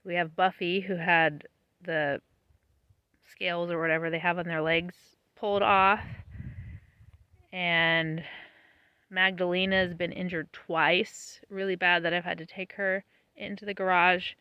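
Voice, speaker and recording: A woman vlogging casually about her homestead, tired after planting, chatty and laughing often, her voice trailing off softly. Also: on the low side, flat delivery, a little slow, clear, resonant tone, no room sound, muffled recording. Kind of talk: casual vlog talk to camera. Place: outdoors on a small homestead.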